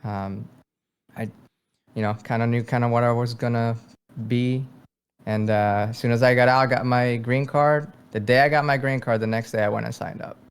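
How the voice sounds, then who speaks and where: A man from Venezuela, a military veteran, speaking as a podcast guest in a halting, thoughtful way with frequent fillers. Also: medium pitch, fairly even intonation, clear, resonant tone. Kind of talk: casual interview.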